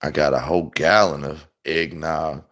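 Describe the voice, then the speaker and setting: A man voicing a leering backwoods grown man who talks in a slow, wheedling, suggestive drawl. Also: a bass voice, steady tone, fairly bright tone, pitched below the performer's own voice.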